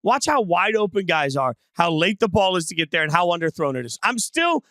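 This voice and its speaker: A man's voice: sits high, sing-song, brisk, fairly bright tone, no room sound. A middle-aged man hosting a casual sports analysis chat, opinionated and brash in his calls. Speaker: sports show host.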